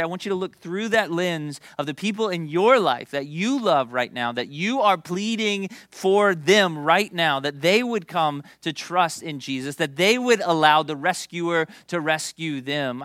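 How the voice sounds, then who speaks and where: A young man preaching a sermon in a conversational, animated way, with storytelling and asides to the congregation. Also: a little high, moderate pace, few pauses, dry recording, studio quality. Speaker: pastor.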